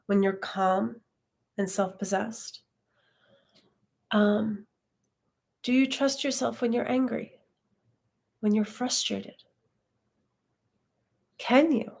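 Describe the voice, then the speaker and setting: A woman's voice: fairly high pitch, fairly even intonation, slow, creaky, long pauses, a little mellow. Reflective woman teaching a live class. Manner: reflective and conversational, with frequent fillers. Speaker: teacher leading an online class. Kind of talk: casual live-stream teaching.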